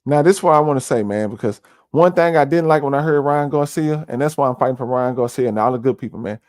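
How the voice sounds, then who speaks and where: A man's voice: medium pitch, fast talker, a little mellow, no room sound. Preachy man, close dry mic. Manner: preachy, repeats "family", heavy fillers. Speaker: commentary streamer. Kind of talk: casual conspiracy commentary.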